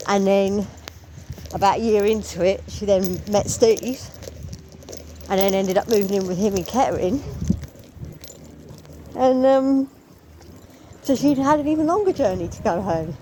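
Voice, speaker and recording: A woman's voice: medium pitch, a little slow, long pauses, mellow, a little hiss or hum. A woman telling a rambling, opinionated story as a theatre fan vlogger. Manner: chatty, opinionated, rambling with asides. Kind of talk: casual storytelling vlog.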